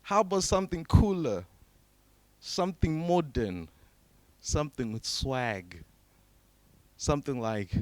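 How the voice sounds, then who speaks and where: A man's voice: measured pace, long pauses, no room sound. Zimbabwe-born man doing stand-up. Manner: deadpan setups with sudden high-pitched shouted character voices. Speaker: stand-up comedian. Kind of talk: stand-up comedy set.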